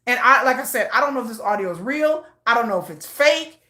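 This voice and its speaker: Woman, higher voice, bright tone, casual commentary, emotional. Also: animated, fast talker, roomy sound. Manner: emotional, repetitive, restarts often. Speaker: commentary vlogger.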